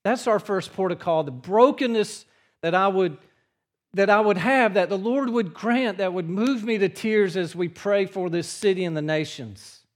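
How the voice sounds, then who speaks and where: A man preaching a sermon to his congregation in a church, earnest in tone and dropping his voice low for the quiet passages. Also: normal speed. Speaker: pastor.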